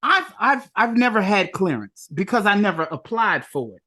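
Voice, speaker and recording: A podcast co-host in casual chat, animated and rambling, with lots of restarts. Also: medium pitch, normal speed.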